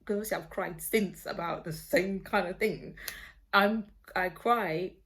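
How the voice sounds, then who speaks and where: A woman's voice: on the low side, unhurried, a bit bright. A woman sits at home recording herself on a phone, telling a faith story straight to camera. She speaks earnestly and rambles, often stopping and restarting mid-sentence. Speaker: vlogger sharing a personal testimony.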